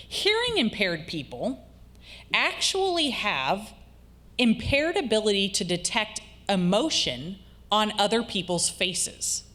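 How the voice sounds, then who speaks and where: A woman's voice: medium pitch, a bit bright. A woman college instructor giving a recorded lecture, explaining step by step and checking in with her listeners.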